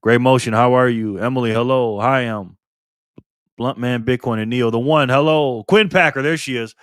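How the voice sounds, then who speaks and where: A man's voice: mid-range voice, moderate pace, a bit bright, clear, resonant tone, no room sound, clean studio sound. Friendly man hosting a live stream. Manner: friendly, chatty, greets viewers by name. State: recovering from illness. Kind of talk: casual live-stream chat, greeting viewers and reading chat aloud.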